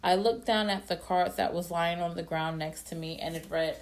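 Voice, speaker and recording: A woman narrating a dramatic first-person story in a plain, steady reading voice. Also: fairly low pitch, moderate pace, few pauses.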